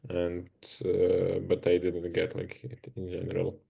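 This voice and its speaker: Male student with a very low, flat, gravelly voice. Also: a little slow, phone-quality sound. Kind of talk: answering in language class.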